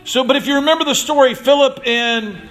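A pastor preaches conversationally, calling out congregation members by name and acting out the voices in his stories with big pitch swings. He speaks fairly quickly in a fairly bright tone.

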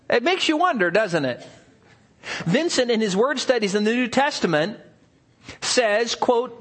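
A man's voice: very high voice, animated, a little slow, pauses often, fairly bright tone. A pastor preaching an expository sermon, earnest and emphatic, asking his listeners rhetorical questions.

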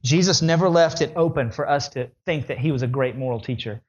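A man preaching a sermon in an animated way, his voice climbing high when he voices the questioners. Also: fairly quick, dull audio.

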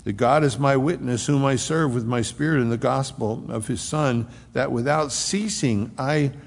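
A man's voice: medium pitch, moderate pace, gravelly, in a large hall. A man preaching a sermon, retelling scripture in a folksy, storytelling way with casual asides.

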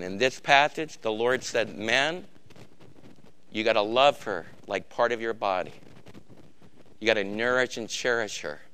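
A middle-aged man preaching to his congregation in a bright, ringing voice that stays clear and smooth. He swings between loud, emphatic bursts and quiet, intense stretches. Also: medium pitch. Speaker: pastor. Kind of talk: sermon.

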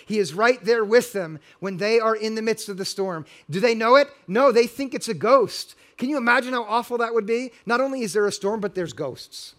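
A man's voice: high voice, fairly bright tone. A middle-aged male pastor preaching a sermon, earnest and building to emphatic exhortation.

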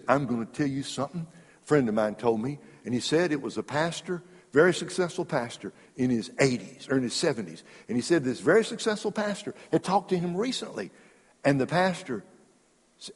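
An older man tells a story from the pulpit. His husky, slightly raised voice swings with lively pitch. It echoes with a long reverb through a large hall. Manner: animated storyteller, acts out dialogue. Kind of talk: storytelling sermon.

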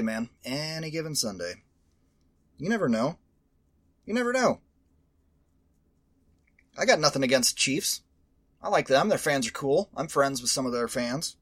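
A man hosting a podcast in casual chat, rambling, animated and profane. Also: on the high side, dry recording, studio quality. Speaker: podcast host.

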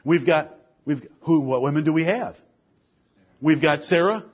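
A man preaching a sermon, firing off rhetorical questions and swinging between soft, low passages and loud, raised ones. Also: a little slow, slightly rough, lo-fi sound.

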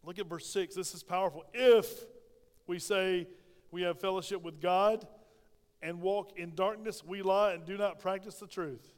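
A middle-aged pastor preaches with a folksy, emphatic delivery and keeps calling out for amens. His voice sits high for a man. The sound rings with a long reverb from the church sanctuary. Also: fairly even intonation, moderate pace. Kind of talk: sermon.

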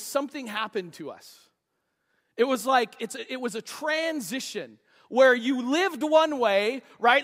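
High-pitched guy preaching, animated, stumbles and jokes, big echoey church. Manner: animated, restarts, jokes with congregation. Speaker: pastor. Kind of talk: sermon. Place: church sanctuary. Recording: long church hall reverb.

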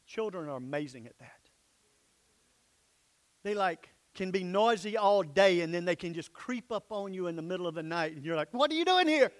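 Man, high voice, pastor, sermon, emphatic preaching, quiet asides, church. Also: normal speed. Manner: emphatic preaching, drops to soft low asides.

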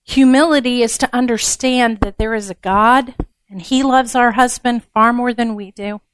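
Frank, high-voiced woman preaching. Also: fairly even intonation, normal speed, smooth, no room sound. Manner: frank and down-to-earth, with blunt humor. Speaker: speaker at a women's gathering. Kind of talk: conversational sermon.

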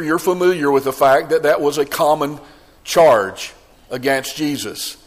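A man preaching a sermon with earnest, rising emphasis, often restarting his phrases as he drives a point home. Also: fairly high pitch. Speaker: pastor. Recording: long hall reverb.

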